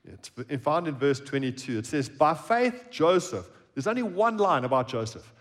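A man preaching a sermon at a church service, shifting between emphatic lines and hushed, quiet phrases. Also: mid-range voice, brisk. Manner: expressive preaching, drops to a hushed tone on key phrases. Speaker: pastor.

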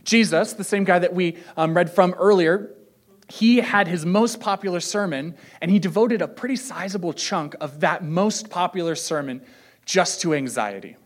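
Guy preaching a laid-back sermon, kinda higher voice, cracks jokes, acts out little voices. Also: normal speed. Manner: joking, self-deprecating asides; conversational, acts out quoted voices. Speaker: pastor.

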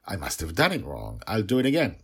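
A man's voice: deep voice, huge pitch swings, fairly quick, husky, heavily acted. A man voicing an anxious father who tries to reassure his small daughter in a coaxing tone.

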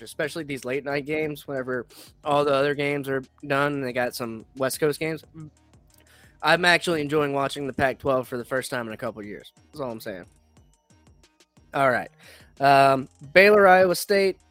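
A man's voice: mid-range voice, moderate pace, fairly bright tone, no room sound, faint music behind. A young man hosting a casual sports podcast, talking in a blunt, profane, rambling way. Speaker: podcast host.

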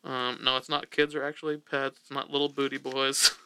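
A man's voice: mid-range voice, level tone, fairly quick, very noisy. A man hosting a casual comedy podcast, rambling and laughing often as he jokes. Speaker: podcast host.

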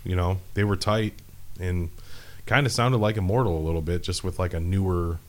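A man's voice: sits low, steady tone, normal speed. A man in a casual, profane, rambling chat, talking about metal shows as a podcast co-host. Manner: laid-back, profane, rambling.

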